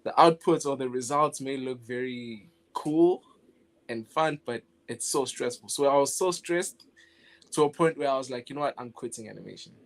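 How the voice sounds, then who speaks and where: A young South African man, appearing as a guest animator in a casual interview, speaks in a relaxed way at a moderate pace. His voice is mid-range, and he laughs often and restarts his phrases.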